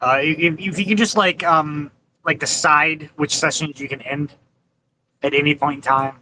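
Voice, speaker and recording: Man, higher and bright, tense tone, halting ums, light background noise. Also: steady tone, poor audio. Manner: hesitant, filler-heavy asides. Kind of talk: casual chat.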